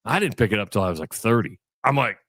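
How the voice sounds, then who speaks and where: A man's voice: on the low side, sing-song, quick pace, fairly bright tone, no echo, studio quality. A middle-aged man from Iowa co-hosting a radio show, telling a long story and acting out both sides of the chat. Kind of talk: casual storytelling on sports radio.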